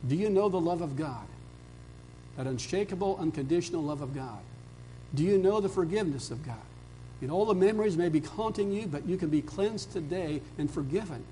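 Male pastor, fairly high voice, storytelling sermon that swings from emphatic peaks to hushed lines, faint hum behind. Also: poor audio. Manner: storytelling, rising to emphatic peaks then dropping soft.

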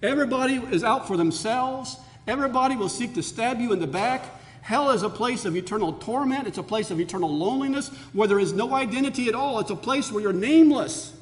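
An earnest male pastor preaches with a high voice that climbs for emphasis. His sermon rings out with long reverb in a church sanctuary.

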